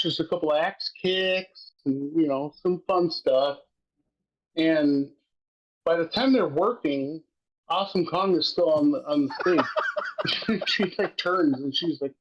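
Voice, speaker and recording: High-voiced man, profane excitable storytelling. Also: a little slow, lo-fi sound. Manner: profane, excitable storytelling, laughs while recapping. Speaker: wrestling podcast co-host. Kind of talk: casual chat.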